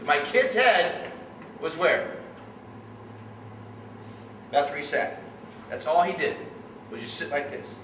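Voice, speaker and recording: A middle-aged man coaching, giving an animated story-driven talk to parents and questioning his audience. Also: on the high side, takes it slowly, long pauses. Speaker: youth sports coach. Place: room with an audience. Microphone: distant room mic. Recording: echoey room, distant mic, background noise.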